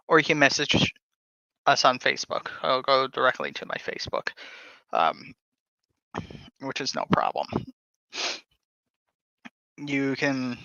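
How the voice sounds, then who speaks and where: A man hosting a podcast, talking casually and haltingly while reading text aloud from his screen. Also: mid-range voice, gravelly, pushed and bright, clean tone, no room sound. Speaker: podcast host. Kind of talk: casual screen-share talk. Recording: dull lo-fi sound.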